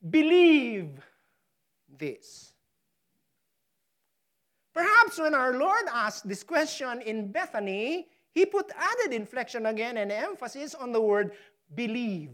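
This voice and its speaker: Slow, emphatic woman preaching a sermon. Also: a little high, a bit bright. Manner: emphatic, dramatic pauses on key words; slow, deliberate delivery. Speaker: pastor.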